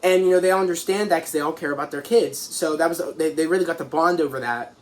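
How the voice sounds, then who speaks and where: A man excitedly recapping a TV episode as a reviewer, rambling and restarting as he goes. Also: a little high, fast. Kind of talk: casual recap.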